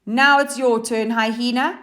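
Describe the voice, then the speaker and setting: A woman voicing a gruff, proud male lion in a storybook reading, growling and commanding. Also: fairly high pitch, fairly even intonation, slow, a bit bright, pitched above the performer's own voice.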